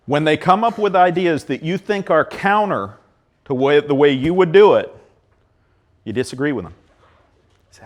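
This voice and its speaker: A man's voice: a little high, lively intonation, normal speed, long pauses. A man in his fifties from Ohio, a park system director giving a plain-spoken leadership talk to a live audience, often acting out dialogue.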